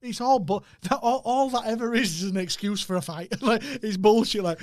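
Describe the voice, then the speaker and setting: A man's voice: high-pitched, moderate pace, no echo, clean studio sound. A young man teasing his friend in casual banter among friends. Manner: teasing, mocking. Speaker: podcast co-host.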